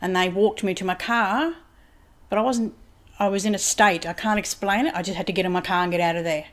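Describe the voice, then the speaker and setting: A woman's voice: mid-range voice, fairly even intonation, a little fast. A woman, a psychic medium guest in a casual home interview, who rambles and keeps retelling conversations with "he said". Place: home lounge room.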